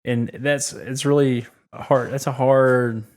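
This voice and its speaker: A man's voice: mid-range voice, fairly even intonation, takes it slowly, a little mellow. A man in casual podcast chat, telling a candid, self-critical story about being a dad. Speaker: podcast co-host.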